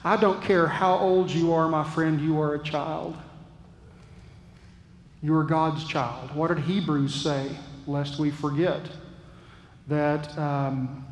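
A man preaching a sermon as pastor, earnest and reflective, with thoughtful pauses. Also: a little high, level tone, roomy sound, long reverb tail, low-quality recording. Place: church.

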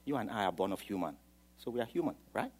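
A man preaching a sermon, swinging from quiet, low asides to loud, emphatic declarations. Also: very animated, quick pace, husky. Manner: dramatic, swings from soft to loud, acts out quoted voices.

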